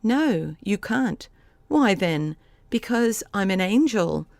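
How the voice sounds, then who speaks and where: Brief: woman as smug, vain young male horse, lofty tone, mid pitch, dry close audiobook read. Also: big pitch swings, slow pace, gravelly, a little mellow, no room sound, exaggerated voice. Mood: calm. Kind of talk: audiobook character voice.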